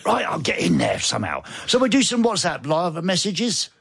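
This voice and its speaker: A man's voice: high-pitched, very animated, normal speed, vocal fry, a bit bright, slight background noise. A male radio host, chatting and teasing his co-host on a live show. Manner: playful, teasing, sing-song jokes. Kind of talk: casual live radio banter.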